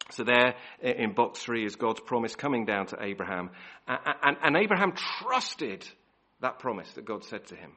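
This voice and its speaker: Male preacher, animated delivery, emphatic repeats, midrange voice. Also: mid-range voice, normal speed. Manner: emphatic, repeats key words; self-correcting restarts. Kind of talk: sermon.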